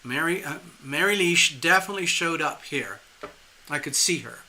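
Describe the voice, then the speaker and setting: A man reading tarot live for a viewer, talking in a rambling, animated way with frequent restarts and chuckles. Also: a little high, moderate pace, background noise. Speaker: tarot reader hosting a live stream.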